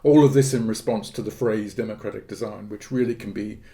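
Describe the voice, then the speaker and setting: A middle-aged man, a politics professor, explaining ideas in a podcast interview, measured and academic, pausing with fillers and restarting phrases. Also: fairly low pitch, steady tone, creaky, warm tone.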